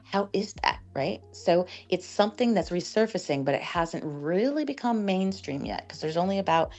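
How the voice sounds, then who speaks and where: A woman's voice: fairly low pitch, normal speed, dull audio, faint music behind. A woman working as a sound practitioner, chatting in an interview and acting out dialogue as she tells stories. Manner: animated storyteller, acts out quoted dialogue. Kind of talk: casual interview talk.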